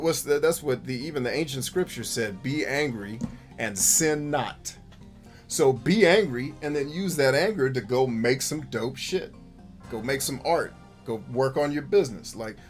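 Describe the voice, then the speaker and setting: A man with a mid-range voice hosts a gaming show, giving blunt, profane, casual commentary while he plays. He laughs easily and tosses in quick, jokey asides.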